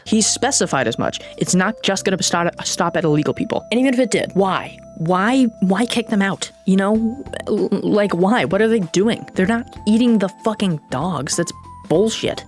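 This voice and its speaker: A woman vlogger giving an unscripted, sarcastic and profane political rant to camera, blunt and heated. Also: fairly low pitch. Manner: blunt, heated, lively delivery.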